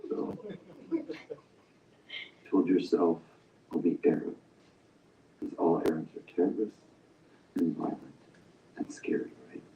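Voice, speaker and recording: An actor plays a cold interrogator who needles with sarcasm and hushed threats. His voice is very deep and dark, heard from a distance in a dull, echoing recording with a faint rumble. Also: steady tone, slow, gravelly, pauses often, full character voice. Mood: menacing. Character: cold hostile male interrogator.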